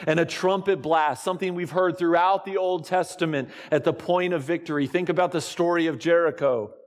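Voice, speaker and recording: A man preaching a sermon to his congregation, slow and deliberate, with dramatic pauses. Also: fairly high pitch, steady tone, in a large hall. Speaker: pastor.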